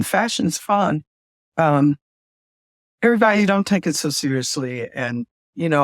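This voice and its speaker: A woman's voice: low voice, no room sound, clean studio sound. Emphatic, chatty woman co-host. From United States. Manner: chatty, emphatic, folksy asides. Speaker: podcast co-host and singer. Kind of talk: casual chat.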